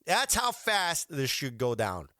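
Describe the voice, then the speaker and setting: A man's voice: on the high side, huge pitch swings, takes it slowly, bright, forceful tone, no echo, studio quality. A man hosting a podcast, commenting bluntly and profanely on video clips with an authoritative manner. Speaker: podcast host.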